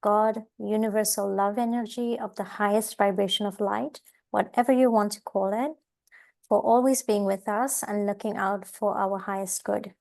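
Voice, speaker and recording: Calm woman leading a spiritual invocation. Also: mid-range voice, gravelly. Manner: calm, measured, soothing. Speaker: tarot show co-host.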